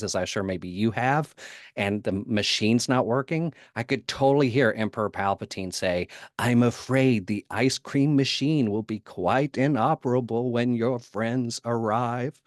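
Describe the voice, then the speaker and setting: A man's voice: lowish voice, dry recording, clean studio sound. A man giving a conference talk in a casual, humorous way, often laughing and putting on voices for quotes. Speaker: conference speaker.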